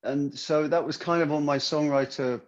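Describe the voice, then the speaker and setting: Give me a friendly English man, a singer guesting on a video call, with a fairly high voice that sounds dull and muffled. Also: normal speed. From London, England. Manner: friendly, chatty, relaxed. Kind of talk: casual interview chat.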